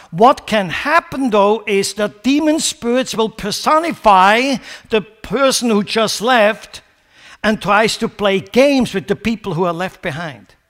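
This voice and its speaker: A man's voice: high-pitched, a bit bright. A man preaching a sermon, asking rhetorical questions and mocking wrong ideas with sarcastic paraphrases before stressing his point. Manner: rhetorical questions, rising to emphatic peaks.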